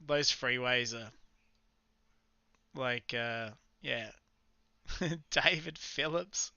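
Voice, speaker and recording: An Australian man with a sharp, bright, crisp voice chats loosely on a live stream, rambling and joking in slangy talk. The sound is dry and close, with slightly dull, lo-fi streaming audio. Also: medium pitch, very slow, no room sound. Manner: chatty, rambling, laughs often, slangy. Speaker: livestream trading host. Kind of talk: casual live-stream chat.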